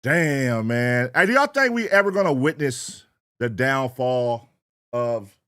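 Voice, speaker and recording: A man's voice: a little high, fairly bright tone. A man hosting a reaction show, talking casually and profanely straight to his viewers.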